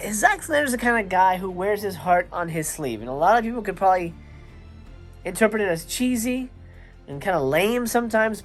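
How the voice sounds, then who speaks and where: Male host, late-night movie commentary: tired but gushing, lots of restarts, faint music underneath. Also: high voice. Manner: enthusiastic, rambling with restarts. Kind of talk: casual watch-along commentary.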